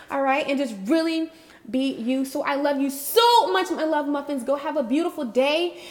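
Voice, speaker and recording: A woman's voice: high voice, normal speed. A bubbly woman gives a spiritual pep talk straight to camera. She is affectionate and slangy, and she laughs easily between lines. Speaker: spiritual guidance vlogger. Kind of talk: casual motivational talk to camera.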